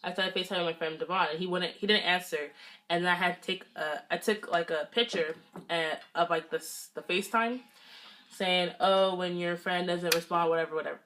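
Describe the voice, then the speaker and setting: A woman's voice: on the low side, fairly even intonation, fairly quick, a bit bright. A young woman vlogger from the Los Angeles area, chatting casually through a storytime while getting ready, acting out quoted lines. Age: young adult. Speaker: beauty vlogger.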